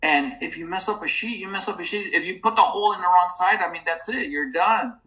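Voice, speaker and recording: A man's voice: high voice, brisk, bright, forceful tone, reverberant, poor audio. A middle-aged man in casual podcast chat, telling a long rambling story with frequent restarts and laughs. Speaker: podcast co-host.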